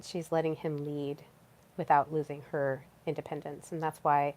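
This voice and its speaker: Casting: low-pitched young woman, solo podcast host, relaxed and chatty, with lots of fillers and restarts. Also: moderate pace. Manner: chatty, with frequent fillers and repeated words. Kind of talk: casual solo podcast talk.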